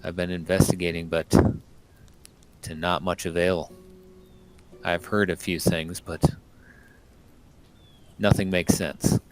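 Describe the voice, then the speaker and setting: A man voicing a gruff young male ranger of the woods, blunt and grumbling in his manner. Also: deep voice, level tone, slow, pauses often, faint music behind. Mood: grave.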